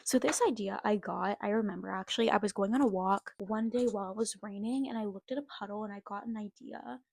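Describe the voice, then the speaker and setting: A woman's voice: mid-range voice, fast, gravelly, darkish tone, breathy edge. A young woman vlogger reading an old story aloud with amused, self-mocking commentary.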